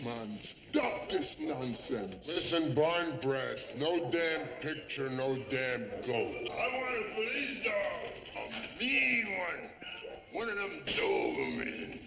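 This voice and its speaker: An actor playing a hot-tempered police officer who talks bluntly and barks orders, in a television drama. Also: male voice, medium pitch, poor audio. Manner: blunt, barking. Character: gruff, hot-tempered street cop.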